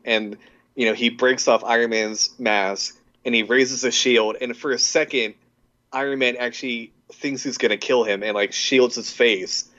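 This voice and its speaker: A man's voice: medium pitch, pushed and bright. Rambling young man, slightly muffled. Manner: enthusiastic, rambling with fillers and restarts. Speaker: podcast co-host. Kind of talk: casual chat. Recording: slightly dull lo-fi mic.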